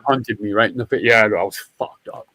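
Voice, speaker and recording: A man's voice: on the low side, brisk, sharp tone, no room sound. Profane, rambling New storyteller man. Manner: restarts and backtracks often. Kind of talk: casual storytelling.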